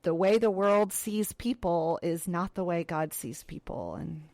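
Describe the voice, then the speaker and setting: Speaking a little slowly in a lowish, darkish voice with no echo, a woman co-hosts a podcast. Her casual chat is full of stories in which she performs the quoted lines.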